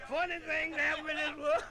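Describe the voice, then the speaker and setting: A man's voice: very high-pitched, heavy background noise. A man telling comic folk stories in a folksy way, often laughing and repeating "yeah.". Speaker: storyteller.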